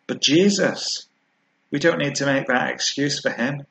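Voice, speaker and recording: A man preaching a sermon, earnest and measured, slowing down to stress key words. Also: mid-range voice, vocal fry, fairly bright tone, poor audio.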